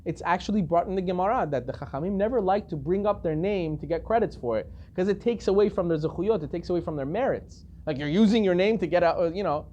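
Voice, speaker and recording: A male rabbi giving a storytelling lecture, animated and acting out the characters as he goes. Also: sits high, fast, hardly any pauses, lo-fi sound, slight background noise.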